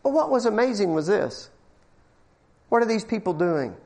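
A male preacher in full flow before a church congregation, his pitch leaping up and down as he drives each point home. He quizzes his listeners with call-and-response questions and stumbles over repeated words when he gets going. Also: sing-song, normal speed, a little mellow. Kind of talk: evangelical sermon.

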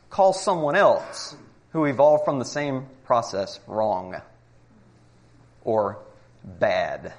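A man giving a Christian apologetics talk to a live group, arguing emphatically with rhetorical questions. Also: on the high side.

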